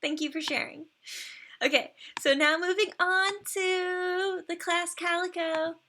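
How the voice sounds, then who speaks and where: A woman's voice: extremely high pitch, steady tone, a little slow, bright, forceful tone, a little hiss or hum. A woman streamer in casual live-stream commentary, chatty and effusive, gushing praise and laughing often between remarks.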